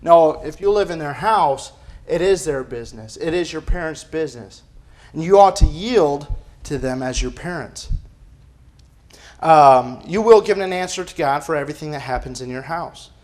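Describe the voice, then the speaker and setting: A man's voice: a little high, expressive, moderate pace, darkish tone. A man preaching a sermon as pastor, emphatic and firing off rhetorical questions. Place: church.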